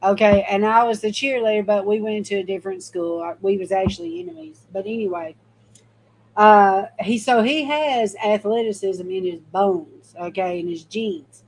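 A woman's voice: medium pitch, normal speed, rough recording. A middle-aged woman, telling a personal faith testimony in a folksy, emphatic way and talking straight to her viewers. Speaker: mother giving a faith testimony. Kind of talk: casual storytelling testimony.

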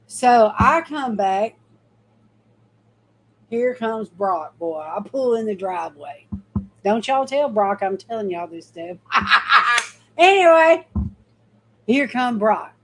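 A middle-aged woman telling a personal faith story to her viewers, with a voice pitched a little high. She talks in a folksy, emphatic way and speaks straight to her audience. She sounds casual and heartfelt. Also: lively intonation, slow, long pauses, slight background noise, poor audio. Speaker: mother giving a faith testimony.

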